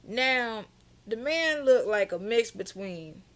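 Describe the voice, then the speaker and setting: A young woman telling a storytime vlog in a sassy, animated, slang-filled way. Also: a little high, slow pace. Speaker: vlogger.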